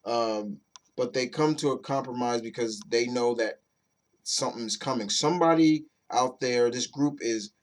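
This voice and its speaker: The speaker, a man with an unremarkable mid-range pitch, offers a chatty, informal take on a comic book at an ordinary pace. His rambling commentary includes occasional profanity and frequent restarts.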